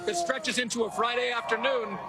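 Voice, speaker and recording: A man's voice: extremely high pitch, fairly even intonation, a little fast, over loud music. A man giving a live field report from a city street, handing back to the studio.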